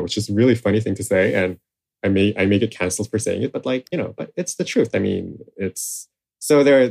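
A man's voice: fairly low pitch, gravelly, a little mellow, husky. A man talking casually as a translator in an interview, rambling, with many fillers and restarts. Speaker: literary translator.

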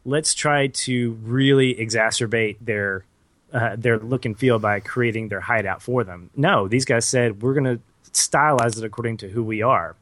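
Guy cohosting a film podcast, calm and thoughtful, mid voice, dry close mic. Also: mid-range voice, moderate pace, dry recording. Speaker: podcast co-host. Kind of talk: casual movie review chat.

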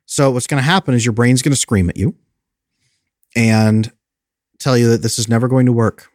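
Male attachment specialist, mid-pitched, earnest coaching delivery, dry close recording. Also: normal speed, darkish tone, no room sound. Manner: coaching, earnest, brief exaggerated voices for quoted thoughts. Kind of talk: earnest explanatory advice.

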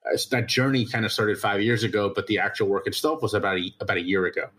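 A man from Ohio with a fairly low voice, talking as a guest in a relaxed interview. He is blunt and wry, doubling words as he restarts his sentences. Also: quick pace. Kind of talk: casual interview chat.

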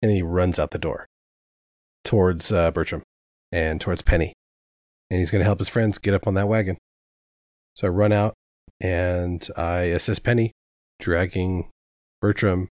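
Man player, lowish voice, dry close sound, halting narration. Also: fairly even intonation, dry recording. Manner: hesitant, then loud and profane. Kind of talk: narrating his character in a tabletop game.

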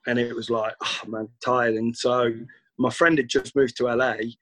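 This British guest delivers rambling, anecdotal stories flatly at a normal pace, his mid-range voice fairly bright. He often acts out quoted dialogue from people he met, and the audio carries no room sound.

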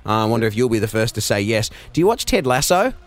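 Lively, jokey radio host. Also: male voice, mid-range voice, fast talker. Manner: lively and jokey, laughs often. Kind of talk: casual breakfast radio chat.

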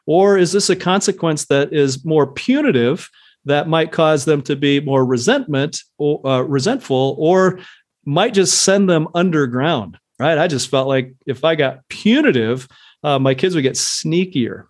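A man's voice: on the high side, lively intonation, unhurried. A man speaking as a podcast guest on parenting, talking thoughtfully with frequent fillers and quoting scripture. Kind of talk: casual podcast conversation.

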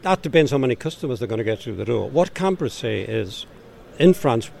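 A man's voice: mid-range voice, big pitch swings, brisk, creaky, a little mellow. A Geordie man, director of a campaign group, answering interview questions in a matter-of-fact way and explaining with figures, recorded outdoors.

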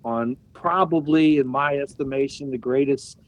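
A man in his sixties, a podcast guest telling animated anecdotes and laughing as he goes. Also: mid-range voice, moderate pace, lo-fi sound. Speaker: guest, former soccer player. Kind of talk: casual storytelling.

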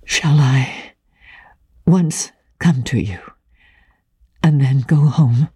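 Woman reading as a guarded young woman, hesitant, hushed half-whispers, husky, slow. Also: fairly low pitch, no echo, clean studio sound, pitched above the performer's own voice.

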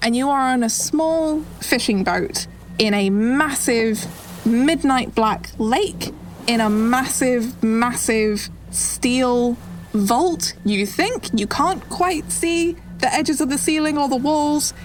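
A woman's voice: high-pitched, slow, a little hiss or hum. A woman narrating a tabletop game as game master, descriptive and rambling with lots of "kind of" and "like".

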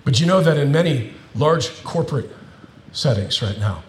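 A middle-aged male pastor giving a sermon, with animated preaching that builds to emphatic repetitions. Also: medium pitch, moderate pace, reverberant.

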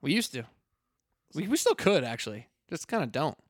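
A podcast host with a fairly high-pitched, sing-song voice talks at a moderate pace on a casual sports podcast, joking and rambling with frequent restarts. He sits indoors at a table with a co-host, and the clean studio sound has no room sound.

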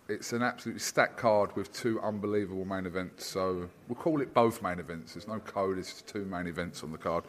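Bright-voiced man, teasing. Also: on the low side. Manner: teasing, playful banter. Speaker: sports interviewer. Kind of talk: casual interview chat.

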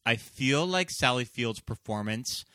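A man on a podcast panel discussing a movie in a measured, reasoned way, checking facts as he goes. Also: medium pitch, expressive, pushed and bright, dry recording, studio quality.

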